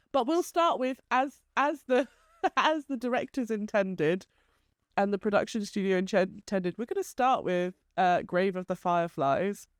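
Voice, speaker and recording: A woman's voice: medium pitch, animated, unhurried, pauses often, clear, resonant tone, no room sound, clean studio sound. A woman co-hosting a casual chat, talking freely and laughing often. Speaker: podcast co-host.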